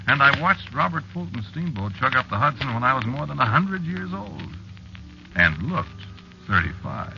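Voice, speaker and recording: A man's voice: mid-range voice, sharp tone, full character voice. An actor narrating as an ageless man married to a witch in a 1940s radio drama, musing and wistful, nervously evasive with his wife, on a dull lo-fi old radio recording with music behind.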